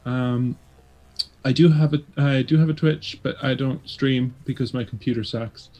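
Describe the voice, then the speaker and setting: A man who is a guest player, chatting casually and bashfully, halting with frequent ums. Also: mid-range voice, steady tone, highs cut off. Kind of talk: casual stream chat.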